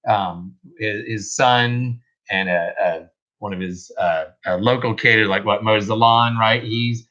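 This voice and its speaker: A man's voice: fairly low pitch, steady tone, a little slow, bright, forceful tone. Rambling man on a reseller livestream. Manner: rambling, restarts, self-deprecating. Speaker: reseller host. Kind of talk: casual livestream chat. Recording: dull lo-fi livestream audio.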